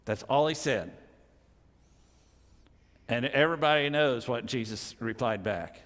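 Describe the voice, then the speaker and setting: An older man in his sixties preaching a sermon in a plainspoken, folksy way, with slow, emphatic pauses. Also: mid-range voice, expressive, fairly bright tone. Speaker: pastor. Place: church sanctuary. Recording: reverberant church hall.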